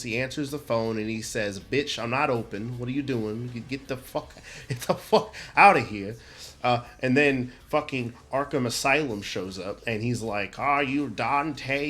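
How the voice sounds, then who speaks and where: A man's voice: lowish voice, fairly bright tone. Man, comedic game ranter; profane, rambling, mock-indignant, exaggerated. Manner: stammering restarts, goofy exaggeration. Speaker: channel host. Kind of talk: comedic video game rant.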